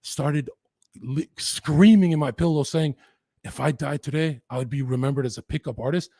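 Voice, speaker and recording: Husky, intense man telling his story. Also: on the high side, warm tone, no echo. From Lower Mainland, Canada. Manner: intense, profane, rapid-fire. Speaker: podcast guest. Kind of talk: candid storytelling in an interview.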